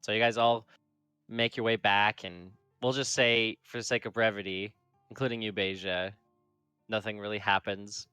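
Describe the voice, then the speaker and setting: A man narrating a tabletop game as game master, rambling with lots of fillers and slipping into quick character quotes. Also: on the low side, little pitch movement, pushed and bright, clear, resonant tone, dry recording, soft background music. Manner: rambling, full of fillers like "like" and "kinda".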